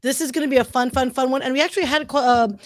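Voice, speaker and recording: A woman's voice: high-pitched, steady tone, racing, no echo, studio quality. A bubbly, teasing woman co-hosting a casual live-streamed podcast, promoting an upcoming event. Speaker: podcast co-host.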